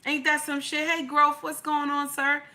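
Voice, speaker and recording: A woman's voice: high voice, completely flat delivery, normal speed, sharp tone. Blunt, preachy woman livestreaming. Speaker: livestream host. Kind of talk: opinionated livestream commentary.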